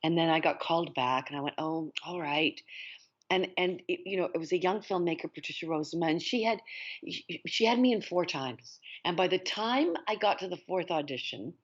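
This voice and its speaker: Canadian actress, low voice, lots of laughs, kinda muffled recording. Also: female voice, brisk. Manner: animated storyteller, laughs often. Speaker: actress guest. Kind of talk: casual interview. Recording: dull lo-fi sound.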